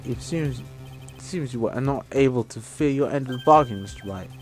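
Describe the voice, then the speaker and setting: A man voicing a calm, polite male assassin in a game, speaking in a measured, quiet, formal way. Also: medium pitch, soft background music, close to an everyday voice. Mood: cold.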